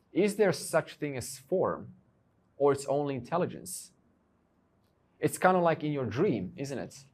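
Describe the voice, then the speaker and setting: Guy teaching vedanta at a retreat, keeps asking questions then answering them, mid-pitched voice. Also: breathy edge. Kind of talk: spiritual teaching talk.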